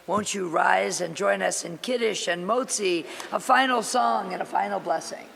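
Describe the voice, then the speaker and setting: A man leading a synagogue service, calmly guiding the congregation into prayer. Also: sits high, normal speed, creaky, slight background noise. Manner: calm, guiding instructions. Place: synagogue sanctuary. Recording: long reverb of a large hall.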